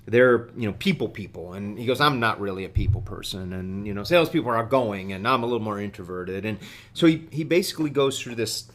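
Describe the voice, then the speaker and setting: A middle-aged man telling a story as a podcast guest, halting and full of fillers and restarts. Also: on the low side, animated. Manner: halting, many fillers and repeated words. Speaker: guest executive.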